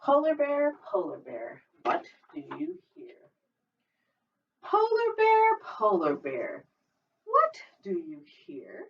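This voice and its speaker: A young woman librarian reading a picture book aloud for a children's storytime in a lively sing-song way, often laughing. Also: high-pitched, slow pace, slight background noise. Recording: distant dull mic in a room.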